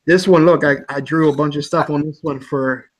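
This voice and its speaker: A rambling, chatty man from the Philadelphia area hosts a relaxed evening chat with friends. His voice sits a little higher than most men's, and he keeps breaking into laughs as he talks. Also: moderate pace. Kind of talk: casual chat.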